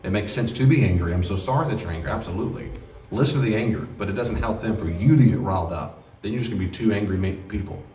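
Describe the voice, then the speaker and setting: A man with a deep voice teaches a class on grief, earnestly acting out little exchanges to make his point. He is heard from some distance in an echoey room, with a faint hiss of noise behind him. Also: fast, warm tone. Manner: earnest, acts out short exchanges. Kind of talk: classroom lecture with role-play examples.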